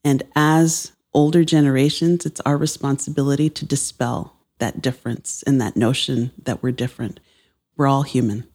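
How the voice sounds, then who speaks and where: Very low-voiced woman, earnest. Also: steady tone, normal speed, darkish tone. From Canada. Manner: earnest, preaching cadence. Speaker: discipleship pastor, guest. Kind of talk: podcast conversation.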